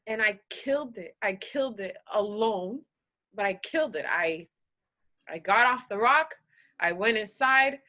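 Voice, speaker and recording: Bright-voiced woman telling an emotional story. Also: medium pitch. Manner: earnest, halting, with restarts and soft laughs. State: emotional, close to tears. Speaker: podcast guest.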